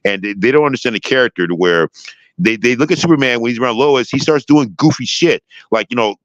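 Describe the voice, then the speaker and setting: A man hosts a casual chat about a TV show, speaking fast at a medium pitch. He talks with enthusiasm, rambles, and restarts often. The lo-fi mic sounds slightly dull, with no echo.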